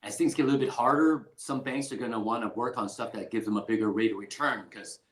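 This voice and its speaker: A man's voice: medium pitch, fast. Laid-back Texan man in a roomy space. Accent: Texas. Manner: relaxed, laid-back, self-deprecating humor. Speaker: mortgage lender guest. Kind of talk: casual interview chat. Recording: roomy echo.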